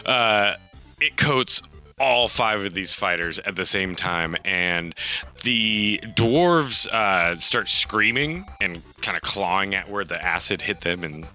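A man's voice: sits low, expressive, slow pace, sharp tone, soft background music. A man narrating a tabletop game as game master, loosely, with frequent fillers and laughs.

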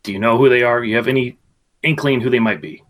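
A man's voice: medium pitch, quick pace. A man playing a tabletop role-playing game, talking casually with the game master. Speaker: player.

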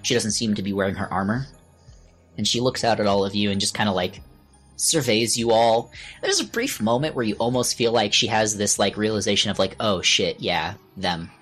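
Male game master, very low voice, descriptive narration with fillers. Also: expressive, brisk, a bit bright, slightly rough, faint music behind.

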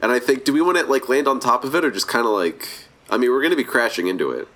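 A man's voice: medium pitch, lively intonation, fast talker, fairly bright tone. Rambling man playing a tabletop game. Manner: rambling, lots of "like". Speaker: player. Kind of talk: casual game chat.

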